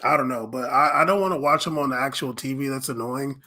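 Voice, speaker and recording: A man's voice: mid-range voice, fast, sharp tone. A man co-hosting a podcast, chatting casually about sport in a loose, rambling way with many fillers. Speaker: podcast co-host.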